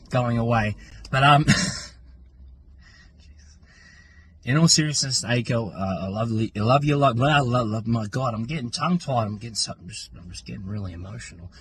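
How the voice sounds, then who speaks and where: A man's voice: mid-range voice, slight background noise. An Australian man recording a farewell message from his car, joking roast mixed with sentiment.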